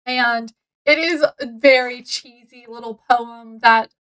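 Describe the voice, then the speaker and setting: A woman with a high voice talks through a book she has read in a relaxed, unhurried way. She is chatty and laughs a lot as she retells it. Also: poor audio. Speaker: book reviewer. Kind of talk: casual chat.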